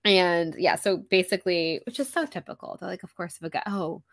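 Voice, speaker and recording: A woman's voice: fairly low pitch, brisk, dry recording. A woman co-hosting a casual book podcast, recapping chapters and acting out the characters' lines, laughing often. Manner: animated, acts out characters' lines while recapping. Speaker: podcast co-host. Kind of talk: casual book club chat.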